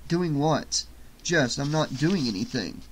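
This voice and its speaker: A man's voice: a little high, animated, unhurried, slight background noise. A man voicing a worried, earnest young man who lectures tiredly, close to his own voice. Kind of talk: audiobook character voice.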